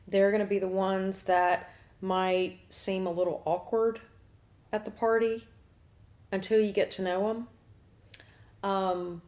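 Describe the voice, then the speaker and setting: Chatty woman astrologer host, mid-pitched. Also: darkish tone. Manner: chatty, laughing, blunt asides. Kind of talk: casual talk show chat.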